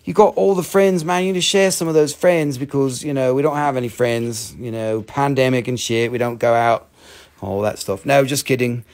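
A middle-aged man from Western North Carolina hosts a casual live sale of stones, rambling and joking in a mid-range, darkish voice at a moderate pace. Now and then he slips into a mock Italian-French accent.

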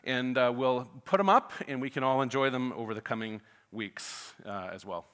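A man's voice: medium pitch, normal speed, fairly bright tone. A man preaching to his church, folksy and chatty, with many filler uhs. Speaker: pastor. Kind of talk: sermon with a joke opener. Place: church sanctuary.

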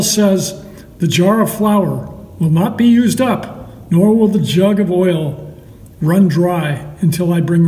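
A man's voice: sits high, darkish tone. A man reading as an earnest old prophet in a hall. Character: male prophet, earnest and fervent. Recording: echoey hall, mic far off.

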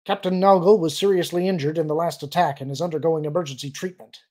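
A man voicing a gruff older starship captain, speaking urgently and a bit louder than the narration. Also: a little high, fairly even intonation, fast, voice pushed up, natural voice. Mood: stiff pretense. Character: gruff older male starship captain posing as an Imperial, uneasy.

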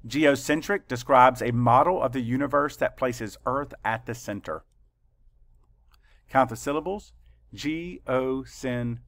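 A man teaching a spelling lesson to schoolchildren, speaking very slowly and carefully as he calls out words and spells them letter by letter. His medium-pitched voice sits close to the mic in a dry space with no room echo. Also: a bit bright. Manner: slow, deliberate letter-by-letter dictation.

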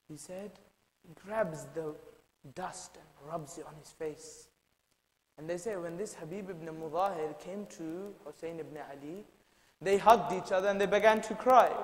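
Young man, mourning sermon, hushed then shouting and chanting, very high voice, roomy reverberant hall. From United Kingdom. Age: 20s. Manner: swells from hushed to shouted, chants lament lines. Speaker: lecturer. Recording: echoey hall with long reverb.

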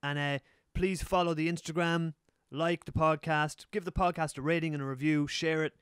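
A young Irish man co-hosting a podcast, laid-back and quick to laugh. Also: fairly high pitch, steady tone, a bit bright, clean tone, no room sound, clean studio sound. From Ireland. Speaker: podcast co-host. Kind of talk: casual chat. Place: Taiwan.

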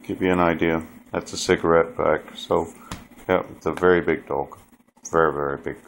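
A man casually narrating a home video of his big dog, in an offhand, deadpan way with ums. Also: low voice, normal speed, creaky, slight background noise. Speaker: dog owner filming his pet.

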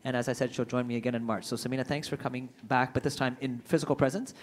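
A man's voice: mid-range voice, steady tone, very fast, a little hiss or hum. A man moderating a trade forum, introducing speakers in a loose, joking way with many fillers. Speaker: event moderator.

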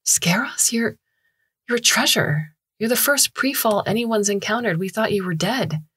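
A young woman astronaut, read by a woman in her twenties, eager and nervous, pushing her words out in breathless bursts. The voice sits low and a little husky, close and dry to the mic. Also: normal speed, dry recording. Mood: excited. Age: 20s.

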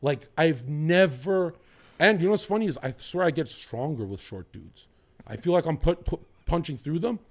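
A man chatting as a podcast guest, excitable and boastful, swearing freely and jumping between topics. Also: fairly high pitch, normal speed. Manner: profane and boastful. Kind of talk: casual podcast chat.

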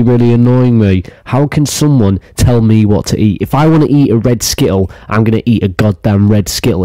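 A man rants in a put-on stern, mock-angry voice, crude and full of swearing. His tone is dark and mellow, and the sound is dry and close with no room around it. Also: medium pitch, no echo. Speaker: comedy commentary youtuber. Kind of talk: ranting comedic commentary.

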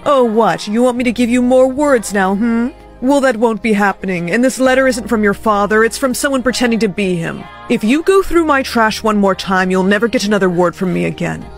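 A woman's voice: fairly high pitch, a little fast, hardly any pauses, soft background music, lightly acted. A woman voicing a cruel, greedy aunt in a POV skit, scolding a child in a harsh, sneering way. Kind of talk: TikTok POV skit acting.

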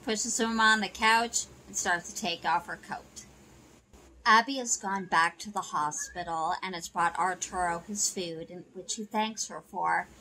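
Unhurried and forceful, a woman with a fairly low, bright voice casually narrates what happened in a soap opera episode. Slight background noise and low recording quality accompany her loose, chatty style of "you know" and "she goes."

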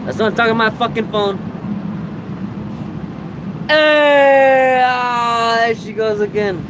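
A man's voice: high voice, little pitch movement, normal speed, noisy background. A man streaming live, chatting casually, laughing a lot and swearing freely.

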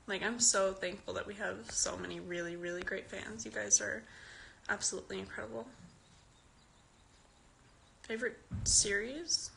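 Bright-voiced giggly teenage girl chatting. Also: mid-range voice, steady tone, normal speed, vocal fry, long pauses, slight background noise. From Canada. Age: teen. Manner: giggly, chatty, reads questions aloud. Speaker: actress answering fans on a live stream. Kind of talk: casual live-stream Q&A.

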